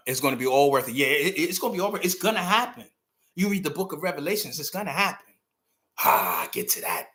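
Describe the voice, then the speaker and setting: A man giving a blunt, animated commentary monologue, emphatic and profane, at times rising to shouts. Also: fairly high pitch. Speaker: host.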